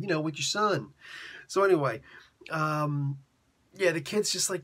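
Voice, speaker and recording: A comic book reviewer walks through a story in casual, slangy chat, laughing along the way. His voice is husky and a bit high for a man. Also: normal speed, fairly bright tone. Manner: chatty, slangy, laughs often.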